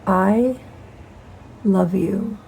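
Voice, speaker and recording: Middle-aged woman, spiritual host; dark, gravelly voice, slow and defiant, swears freely. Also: mid-range voice, a little hiss or hum. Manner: defiant, profane, drawn-out emphatic phrasing. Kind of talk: spiritual monologue to camera.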